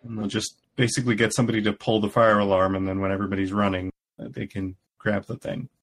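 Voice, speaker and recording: A man's voice: lowish voice, level tone, quick pace, a little hiss or hum. A man co-hosting a podcast, recapping a story in casual chat with a dry, wry delivery. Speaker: podcast co-host.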